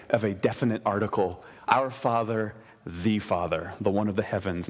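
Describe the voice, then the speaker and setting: A man preaching a sermon in a mid-range voice, talking to the congregation conversationally and punching key phrases with emphatic asides. He often restarts his sentences. The sound rings with a long reverb, as in a large hall. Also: mid-range voice. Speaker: pastor.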